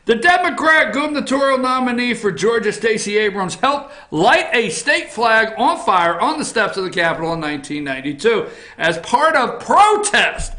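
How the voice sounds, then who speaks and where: Guy ranting politics, swears a lot, yells, real high bright voice, echoey office. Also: big pitch swings, normal speed. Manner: blunt, swearing, emphatic rant with repetitions; frequently shouting. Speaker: talk show host. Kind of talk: opinion rant on politics.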